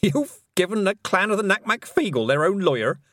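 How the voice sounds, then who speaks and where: A man doing a jolly old witch who chatters cheerfully in a hearty, slightly raised voice. Her pitch bounces brightly, and the storybook reading is dry and close. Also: big pitch swings, moderate pace, no room sound.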